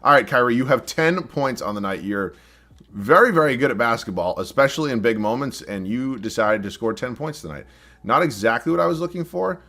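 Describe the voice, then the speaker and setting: Expressive and a little fast, this young man's mid-range voice has a sharp tone. As a gaming YouTuber commenting live on his basketball game, he mocks himself and erupts in frustrated swearing.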